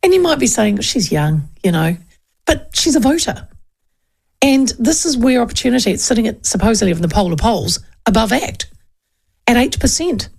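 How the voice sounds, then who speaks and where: A woman's voice: on the high side, expressive, moderate pace, gravelly, a little mellow, husky. A woman host, giving chatty, digressive political commentary with frequent asides. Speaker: radio or podcast host.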